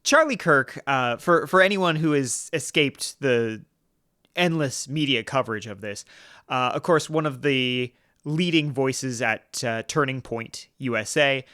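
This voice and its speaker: A man hosting a political podcast, earnest and thoughtful, often stopping and restarting his sentences. His voice sits at an ordinary middle pitch. The sound is dry and close, with no room around it. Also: sharp tone, dry recording. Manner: earnest, halting, many restarts and fillers. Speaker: podcast host.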